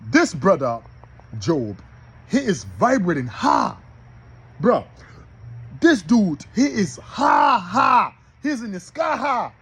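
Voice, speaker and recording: A man teaching from the Bible in a casual style, reading verses with loud emphasis and calling out to his listeners. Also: a little high, slightly rough. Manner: animated, calls out to listeners; reads scripture with loud emphasis. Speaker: preacher.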